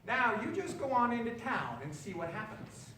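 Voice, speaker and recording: Sly old storybook witch, put on by a man reader: high cackle, slow and drawn-out, heard in a roomy, echoey space. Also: big pitch swings, pushed and bright, a little hiss or hum, exaggerated voice. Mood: teasing. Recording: roomy echo, distant mic, faint ambience.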